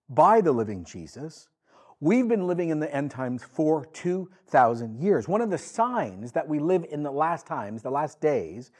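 A man's voice: medium pitch, breathy edge. A male pastor preaching a sermon, acting out scripture quotes with rising emphasis. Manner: animated, acts out quoted lines with rising emphasis.

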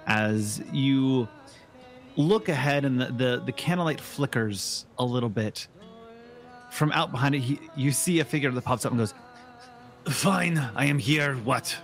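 A man narrating as game master, describing a scene at a loose, descriptive pace with frequent "kind of" fillers. His voice sits at a middle pitch, with faint music underneath. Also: normal speed.

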